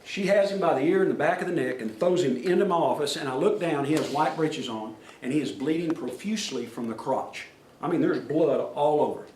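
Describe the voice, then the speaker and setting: A man's voice: a little high, fairly quick, a little mellow. A middle-aged man, telling plain-spoken, folksy stories to a safety meeting crowd. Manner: folksy, plain-spoken, acts out quoted voices. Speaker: speaker at a workplace safety meeting. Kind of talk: storytelling talk to an audience. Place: meeting room. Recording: echoey room from far off, faint noise.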